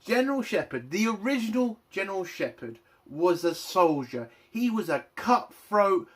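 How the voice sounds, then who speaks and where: A man's voice: high voice, sing-song, moderate pace. Man, game reviewer, angry profane rant, exasperated, swearing constantly.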